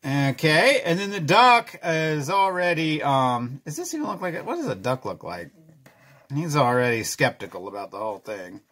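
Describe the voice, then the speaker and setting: A man's voice: a little high, big pitch swings, moderate pace, fairly bright tone. A middle-aged man chatting casually through a drawing tutorial, self-deprecating and chuckling as he goes. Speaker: children's author drawing a comic.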